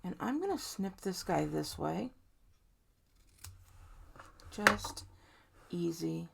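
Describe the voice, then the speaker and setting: Female craft tutorial host, low gravelly voice, casual and conversational. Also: big pitch swings, slow pace, very noisy. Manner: chatty, warm-hearted, talks to viewers directly. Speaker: card-making tutorial host. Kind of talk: casual step-by-step crafting demo.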